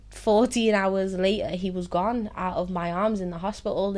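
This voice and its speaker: A young woman telling her own story candidly, often laughing through painful memories and saying "like" a lot. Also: mid-range voice. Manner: heavy use of "like" and "so, yeah". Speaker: host of her own series.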